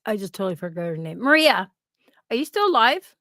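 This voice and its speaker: A woman's voice: mid-range voice, very animated, brisk, sharp tone, dry recording, studio quality. A woman hosting a casual livestream, chatting, swearing freely and greeting viewers from the chat. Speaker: livestream host.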